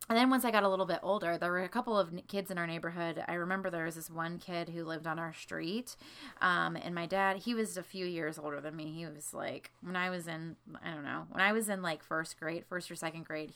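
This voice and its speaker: Gravelly young woman telling stories casually. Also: fairly low pitch, fairly bright tone. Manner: candid, rambling, heavy filler use, swears freely. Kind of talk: casual storytelling of childhood memories.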